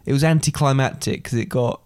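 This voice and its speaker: A man chatting casually with a dry, teasing wit. His voice sits at an ordinary middle pitch as he needles his partner. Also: brisk, darkish tone, clear, resonant tone. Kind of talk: casual chat.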